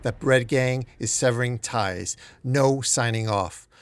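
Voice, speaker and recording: A man voicing Harley Quinn, a brash and frantic young woman, in a comic recap, giving terse warnings and panicked shouts. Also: medium pitch, measured pace, clean tone, no room sound, lightly acted. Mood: tense warning.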